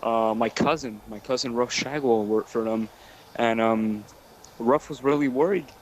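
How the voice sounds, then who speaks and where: Man, interview, plain halting talk, lots of fillers, faint noise. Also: mid-range voice, poor audio. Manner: recounting plainly with many fillers. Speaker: wrestler. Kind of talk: shoot interview.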